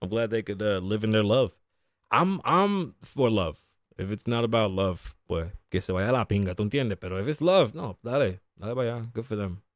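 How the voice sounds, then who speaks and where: A man's voice: fairly low pitch, expressive, brisk, no echo, studio quality. A man in his thirties hosting a casual solo talk show, cursing freely, joking, laughing often and dropping in Spanish phrases. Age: 30s. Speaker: podcast host.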